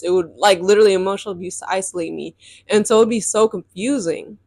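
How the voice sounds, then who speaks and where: A woman's voice: mid-range voice, fast talker, creaky, a little mellow, no room sound, clean studio sound. A young woman hosting a podcast, telling a personal story in a casual, emphatic way full of "like" and "um". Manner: casual and emphatic, heavy use of "like" and "um". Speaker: podcast host.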